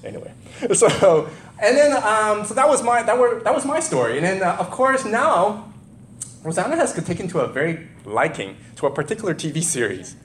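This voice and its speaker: Middle-aged guy pastor preaching, super lively up and down voice, chuckly storytelling. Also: high-pitched, moderate pace, a little hiss or hum. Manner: animated storytelling, chuckles often, loose conversational asides. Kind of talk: sermon with scripture reading and personal anecdotes.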